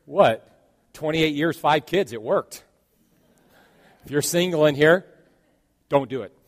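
A man's voice: on the high side, expressive, slow. Preaching man in an echoing church. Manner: dynamic preaching that swings from hushed to loud. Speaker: pastor. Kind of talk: sermon. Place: church sanctuary. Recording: long reverb of a large church hall.

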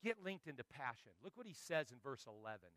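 A man preaching a sermon as pastor, telling animated stories and joking with the congregation. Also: medium pitch, quick pace, dry recording.

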